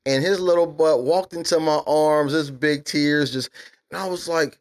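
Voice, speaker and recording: An American man co-hosting a casual podcast discussion, blunt and preachy, cursing and growing loud and emphatic as he makes his points. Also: on the high side, fairly even intonation, moderate pace. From USA. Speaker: podcast co-host.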